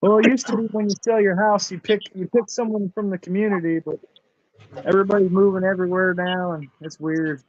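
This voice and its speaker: A high-pitched man hosts a casual chat, mostly offering short, agreeable replies. The sound is dry and dull. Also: steady tone, brisk, no room sound. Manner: agreeable, brief backchannel replies.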